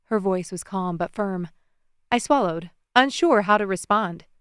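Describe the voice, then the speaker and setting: A woman narrating a first-person romance audiobook in an expressive storytelling manner, recorded close in a studio. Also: medium pitch, a little slow, clean tone, no room sound.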